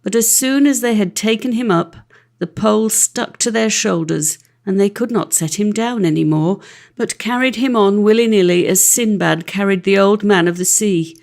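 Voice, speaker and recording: A woman narrating a classic fairy-tale audiobook with an expressive, lively reading. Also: mid-range voice, moderate pace, vocal fry. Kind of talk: storybook narration.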